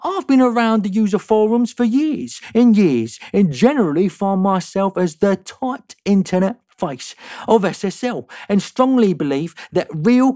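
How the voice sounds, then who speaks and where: A man reading out an email in a put-on accent, voicing a haughty male company executive who is measured and condescending. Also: high voice, dark tone, no echo, clean studio sound, pitched above the performer's own voice, heavily acted. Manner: put-on accent, slow pointed delivery. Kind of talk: reading an email aloud in a mock voice.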